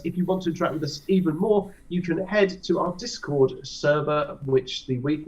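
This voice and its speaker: A man hosting a casual podcast chat, swearing freely as he wraps up the show. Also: mid-range voice. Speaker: podcast host. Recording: distant, dull mic sound.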